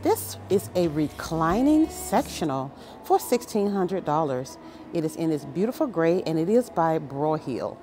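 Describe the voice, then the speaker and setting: A woman with a lowish, warm voice tours a big furniture store with her phone and gushes over every piece. Her pitch swings widely as she exclaims, and faint store music plays in the background. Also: sing-song, a little slow. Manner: gushing, enthusiastic, exclaims often. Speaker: shopping vlogger. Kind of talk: casual store walkthrough vlog. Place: large furniture store, indoors.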